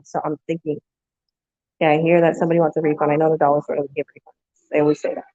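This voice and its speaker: Speaking quickly in a low, level, mellow voice, this woman vlogger tells a long, casual story full of restarts and quoted lines she acts out. The recording is muffled.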